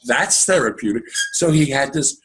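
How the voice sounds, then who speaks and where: A man, a psychologist, chatting in an interview in an expressive way. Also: mid-range voice, normal speed, low-quality recording. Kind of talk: conversational interview.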